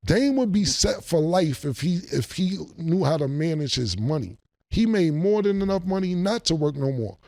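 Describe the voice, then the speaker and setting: A man as a guest in a casual interview, telling animated, streetwise stories and laughing between them. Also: fairly high pitch, normal speed, no room sound.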